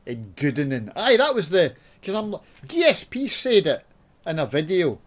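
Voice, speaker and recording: A man's voice: on the high side, wildly swooping pitch, normal speed. A man with a Scottish accent chatting casually on his channel, ranting and swearing while he plays a puzzle game and talks to viewers. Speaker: YouTuber. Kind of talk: casual gaming chat with swearing.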